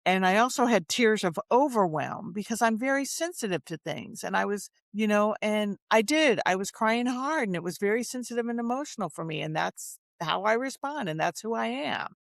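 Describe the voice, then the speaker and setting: A woman's voice: mid-range voice, lively intonation, moderate pace, creaky, hardly any pauses, dry recording, clean studio sound. A woman hosting a candid talk, speaking earnestly and openly about her feelings. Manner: earnest, open, reflective, emotional. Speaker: show host in recovery. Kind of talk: candid conversation.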